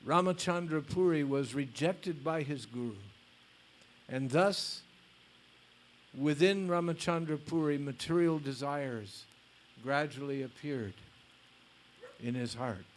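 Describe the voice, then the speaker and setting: Slow, deliberate male spiritual teacher. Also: fairly high pitch. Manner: slow, deliberate, with blunt casual asides. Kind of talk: lecture, reading a story aloud.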